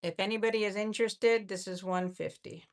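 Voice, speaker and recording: A woman's voice: mid-range voice, fairly even intonation, fairly quick. A woman hosting a live jewelry sale, chatting in an effusive way and often repeating her words. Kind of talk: casual live-stream selling.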